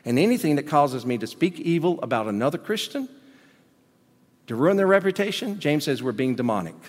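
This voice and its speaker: Animated preacher man in a hall. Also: fairly quick. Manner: animated preaching, swinging between loud emphasis and low asides. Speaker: pastor. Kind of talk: sermon. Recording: long hall reverb.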